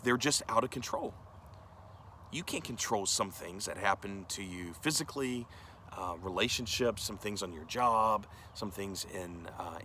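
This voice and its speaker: A man's voice: lowish voice, pushed and bright, slight background noise. A male pastor giving a conversational sermon, earnest and direct, often asking the listeners questions.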